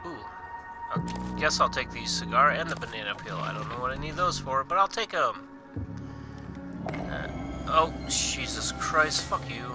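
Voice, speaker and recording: A young gaming channel host chats casually while playing a video game, cursing often and cracking jokes to himself. His mid-range voice is expressive and unhurried, with game music playing in the background.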